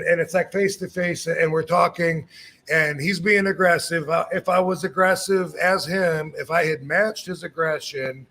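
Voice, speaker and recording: A man's voice: on the high side, a bit bright. A man in his fifties, from the United States, casually telling a story as a podcast host, acting out quoted lines and swearing freely.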